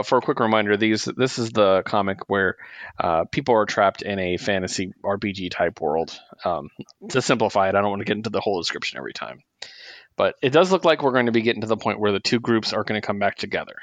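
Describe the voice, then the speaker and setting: A man's voice: on the low side, no room sound. A man co-hosting a podcast, recapping comics in an enthusiastic, rambling casual chat. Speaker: podcast co-host.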